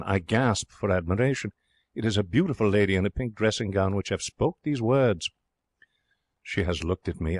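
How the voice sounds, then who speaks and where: A man reading an audiobook, voicing an excitable, romantic young Frenchman who tells his tale in broken English. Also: on the low side, no echo, close to an everyday voice. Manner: theatrical, broken English phrasing. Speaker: audiobook narrator.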